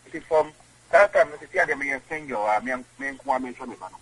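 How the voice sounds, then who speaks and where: A man with a Ghanaian accent, an interview guest talking in an animated, emotional way, mixing English and Twi. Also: medium pitch, fast talker, husky, rough recording.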